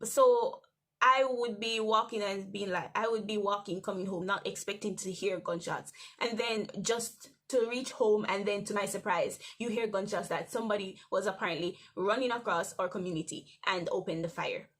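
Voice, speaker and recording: Young woman, devotional host, casual testimony, mid-pitched voice, meandering delivery. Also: moderate pace. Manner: conversational, rambling with restarts and soft laughs.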